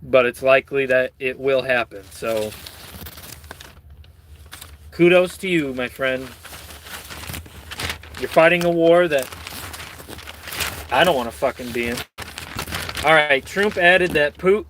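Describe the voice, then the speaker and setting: A man's voice: medium pitch, slow, pauses often, fairly bright tone, a little hiss or hum. A man hosting his own channel, reading news stories with rambling, sardonic and profane commentary. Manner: rambling, sardonic, swears a lot. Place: lives in Michigan.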